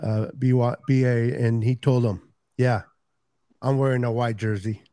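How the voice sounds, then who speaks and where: A man chatting excitably on a sports podcast, swearing and using hesitant fillers. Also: medium pitch, normal speed, no room sound. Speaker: podcast guest. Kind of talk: casual sports chat.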